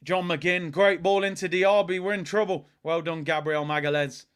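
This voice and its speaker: A young man calls a football match live as a fan, talking in slang and erupting into shouts at the players. His voice sits high and bright, with a forceful edge. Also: steady tone, normal speed, smooth. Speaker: fan watchalong host. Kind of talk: live football watchalong commentary.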